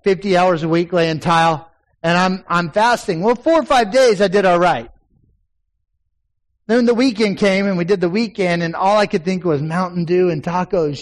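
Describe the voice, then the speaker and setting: In a church sanctuary full of congregants, a man in his forties delivers a sermon in a high voice. As the pastor, he spins homespun anecdotes from his own life and drives toward forceful points, all on a rough recording.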